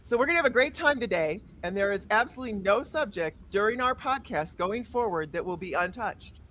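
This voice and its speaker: A woman's voice: medium pitch, lively intonation, fairly quick, fairly bright tone, a little hiss or hum. A woman hosting a podcast, chatting with guests in an upbeat, enthusiastic way. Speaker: podcast host. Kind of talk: casual podcast chat.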